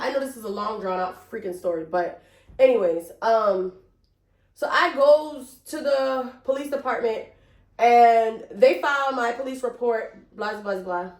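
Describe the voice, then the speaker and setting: Animated, chatty woman in an echoey room. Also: on the high side. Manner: animated, chatty, swears freely, addresses viewers as y'all. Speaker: vlogger. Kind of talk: casual storytime vlog.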